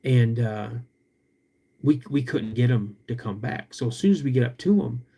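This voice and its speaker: A young man with a drawl tells a story on his podcast. He stretches out the tense moments, then jumps into sudden loud bursts as he relives what he saw. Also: medium pitch, expressive, normal speed, gravelly, husky. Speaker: podcast host.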